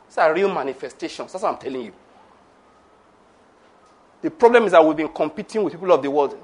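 A middle-aged pastor delivers an emphatic sermon in a church, pressing his listeners with repeated questions. His voice sits high for a man and has a husky, breathy edge. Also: animated, fast, long pauses. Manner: emphatic preaching with rhetorical questions.

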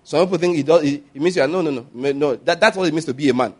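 A man delivers a sermon in a bright, high-pitched voice. He is animated and storytelling, mimicking the people he quotes and laughing between points. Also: very fast, breathy edge. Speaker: pastor.

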